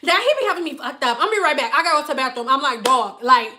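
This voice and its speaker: A woman from Detroit, a hairstylist, telling a profane, animated story on a livestream. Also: sits high, very fast. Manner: animated, profane, thanks donors mid-story.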